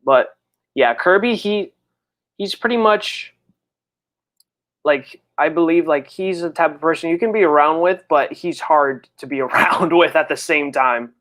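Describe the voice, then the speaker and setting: Excitable, rambling livestream chatter. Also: measured pace. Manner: excitable, jumps to high excited bursts; rambling, slangy, full of fillers. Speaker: livestreamer and comic creator. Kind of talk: casual livestream chat, reading viewer messages.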